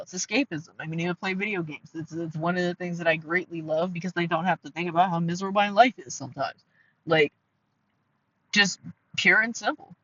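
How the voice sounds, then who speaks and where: Male vlog host, Ohio accent, nasal, forceful bright tone, earnest and rambling, dry close sound. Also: sits high, no room sound, dull audio. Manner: rambling, many fillers and restarts, earnest. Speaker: commentary channel host. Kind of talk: casual commentary vlog.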